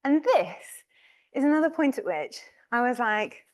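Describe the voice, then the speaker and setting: A woman professor giving a university lecture in an informal, chatty way, with a high-pitched voice. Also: expressive, unhurried. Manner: chatty and informal, with laughs and fillers.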